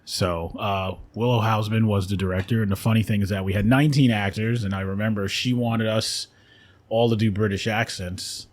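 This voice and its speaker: A man with a fairly low voice talks easily as a guest in a radio studio. His speech rambles and he laughs often. The tone stays casual and unhurried. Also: husky. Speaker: guest, actor and voiceover artist. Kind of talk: casual conversation.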